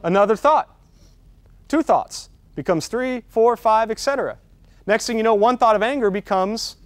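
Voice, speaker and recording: A man's voice: sits high, no echo. A man leading a meditation teacher-training workshop, talking casually and often checking in with "right?" as he builds up to his points. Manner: conversational, keeps asking "right?", builds intensity on key points.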